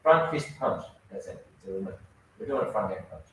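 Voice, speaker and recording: A man's voice: deep voice, big pitch swings, brisk, a little hiss or hum. A man teaching a children's karate class, giving instructions and praising his students often. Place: indoor training hall. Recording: very echoey hall, mic far off.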